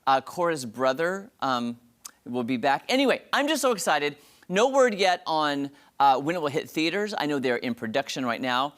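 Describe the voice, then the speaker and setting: A man hosting an entertainment review segment on a morning TV show, talking in a gushing, dramatic, excited way. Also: a little high, moderate pace.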